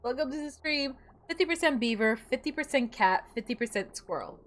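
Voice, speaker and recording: A woman's voice: sits high, lively intonation, a little fast. A woman streaming a game, chatting casually, muttering to herself and breaking into playful outbursts.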